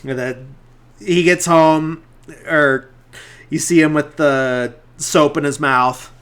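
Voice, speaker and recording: A man's voice: a little high, takes it slowly, a bit bright. A man hosting a podcast, casually retelling a movie scene by scene in a rambling way, full of fillers. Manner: rambling, filler-heavy retelling with acted-out quotes. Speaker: podcast host. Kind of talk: casual movie recap chat.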